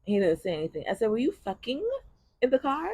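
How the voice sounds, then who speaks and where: Husky woman telling a blunt story. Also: mid-range voice, fast, no room sound. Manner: blunt, profane, animated retelling with bursts of laughter. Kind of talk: casual story time chat.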